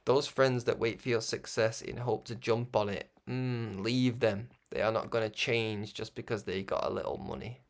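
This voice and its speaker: A man's voice: lowish voice, fairly even intonation, normal speed, hardly any pauses. A man with a Scouse accent hosting his own broadcast, talking through his thoughts in a rambling, reflective monologue that keeps restarting and breaks into chuckles. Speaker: broadcast host.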